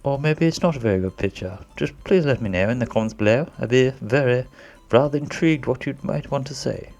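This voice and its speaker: A man's voice: mid-range voice, a little fast, darkish tone, soft background music. A man narrating a drawing tutorial as a voice-over in a put-on posh British accent, rambling and a bit self-conscious, as if winging it.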